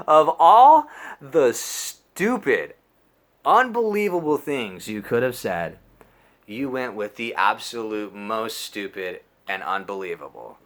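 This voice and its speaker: Bright-voiced young man telling a crude story. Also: mid-range voice, drawn-out words, long pauses. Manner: crude, slangy, animated, peppered with dude and bro. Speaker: storyteller vlogger. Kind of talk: casual storytime monologue.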